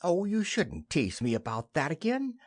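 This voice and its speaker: A man's voice: on the high side, very animated, normal speed, pitched above the performer's own voice. A man voicing a cheerful, chattering young wife in an audiobook play reading.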